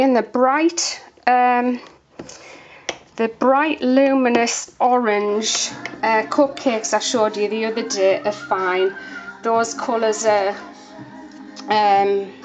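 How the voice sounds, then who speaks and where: A woman soap maker chatting casually through a demonstration, a bit out of breath, with lots of fillers. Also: fairly high pitch. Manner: chatty, unhurried, many fillers.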